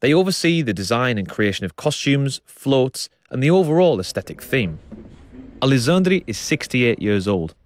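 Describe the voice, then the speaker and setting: A man presenting a radio documentary, narrating and describing what he sees in a calm, descriptive way. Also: mid-range voice, moderate pace. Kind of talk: documentary narration and on-site reporting.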